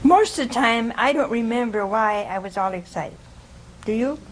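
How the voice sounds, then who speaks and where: A woman giving an informal scripture teaching to a small group, conversational and humorous, often pausing to ask her listeners "See?". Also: on the high side, expressive, slight background noise, low-quality recording. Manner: conversational, keeps asking "See?" and questioning listeners; homespun humor, laughs at her own jokes. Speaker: religious teacher.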